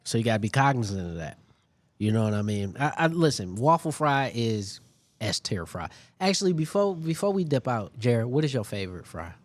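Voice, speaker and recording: A man's voice: medium pitch, sing-song, fairly quick, dry recording. A man co-hosting a casual food podcast, talking animatedly with lots of fillers and sometimes eating as he speaks. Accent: Detroit, Michigan. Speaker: podcast co-host. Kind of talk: casual chat.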